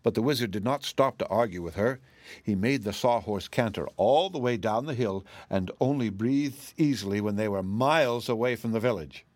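A man narrating a children's storybook aloud in a steady, expressive reading. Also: fairly low pitch, normal speed, no echo.

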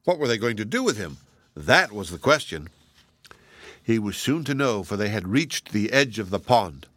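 A man reading a children's storybook aloud in a lively, expressive way. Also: lowish voice, moderate pace, no echo. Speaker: narrator.

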